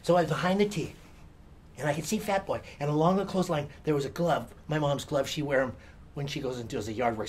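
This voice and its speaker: Older guy from hawaii, pidgin accent, telling a spooky kids story, goes hushed then gets all worked up. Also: medium pitch, husky. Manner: theatrical, swings from hushed to excited.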